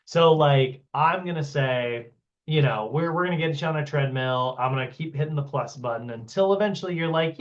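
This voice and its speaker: A man's voice: fairly high pitch, brisk. A man teaching a fitness training class in a casual, chatty way, acting out exchanges with a client and filling his talk with "like" and "you know". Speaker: fitness instructor. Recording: dull, lo-fi sound.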